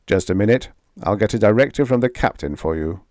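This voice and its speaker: A man's voice: on the low side, lively intonation, a little fast, darkish tone, no room sound, close to an everyday voice. A man reading the lines of a brusque military commander speaking over a ship's radio panel, clipped and commanding.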